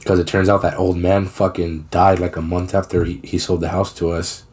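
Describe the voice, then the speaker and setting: A man's voice: sits low, flat delivery, moderate pace, a little mellow. A young man co-hosting a podcast, telling a story in casual, slangy, profane talk. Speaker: podcast co-host.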